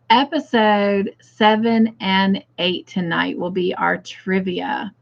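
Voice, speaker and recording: A woman's voice: mid-range voice, dull audio. A woman hosting a casual craft livestream, chatting and greeting viewers by name as she reads their comments aloud.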